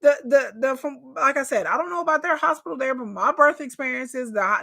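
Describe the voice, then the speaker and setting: Casual woman reaction host, high and swooping, laughs a lot, drawling and incredulous. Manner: animated, incredulous, laughs often; drawling colloquial speech. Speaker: reaction commentator. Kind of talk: casual commentary on a reality show.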